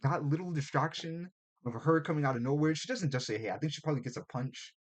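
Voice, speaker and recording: A man co-hosting a casual podcast, retelling a show's plot in animated, profane chat and putting on quick mock voices. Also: a little high. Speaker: podcast co-host.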